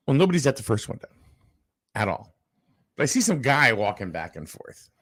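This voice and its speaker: Animated storytelling male radio host. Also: medium pitch, fairly quick, long pauses, slightly rough. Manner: animated storyteller, acts out voices in anecdotes. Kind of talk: casual morning show chat.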